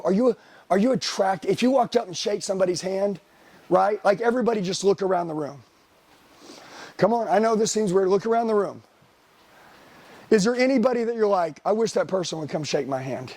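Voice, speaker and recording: A man's voice: sits high, darkish tone, breathy edge. A middle-aged man giving a blunt, profane motivational sales seminar talk, firing rhetorical questions at the room. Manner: profane, blunt, hard-driving. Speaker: sales trainer.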